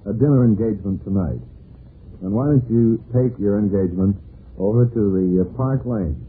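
A man co-hosting an ad-libbed 1940s radio comedy show with dry, deadpan banter. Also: fairly low pitch, normal speed, slight background noise. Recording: tinny 1940s radio broadcast.

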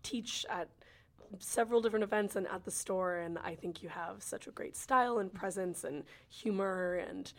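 A woman's voice: mid-range voice, normal speed. Woman podcast host with a cold. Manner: playful, laughs easily. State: has a cold. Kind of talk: casual interview chat.

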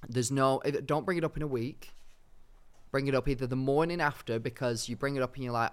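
A man's voice: mid-range voice, steady tone, brisk, clean tone. A man co-hosting a casual podcast, teasing his partner in a mock-offended, theatrical way. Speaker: podcast co-host.

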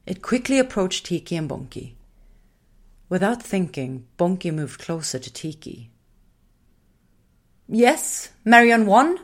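A woman narrating a storybook in a slow, gentle storytelling manner. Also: lowish voice.

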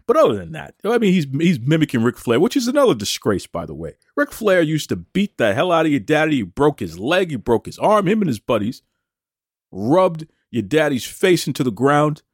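A man's voice: a little high, no echo, clean studio sound. A man hosting a wrestling podcast, ranting in a brash, mocking way and taunting his target directly. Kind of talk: opinionated rant.

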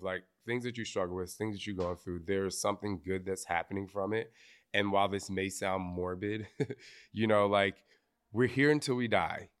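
Man, podcast host, live talk, candid, emotional, low voice. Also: a bit bright, clean tone. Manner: candid, emotional, swears casually. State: briefly tearful.

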